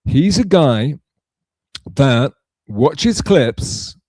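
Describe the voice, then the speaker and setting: A man chats on a live stream, reading out messages and answering them at length. He talks in a rambling, sarcastic way, stumbling and restarting often. His voice is mellow and dark, heard close and dry. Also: on the high side, sing-song, extremely slow, slightly rough, no room sound. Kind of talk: casual live-stream chat.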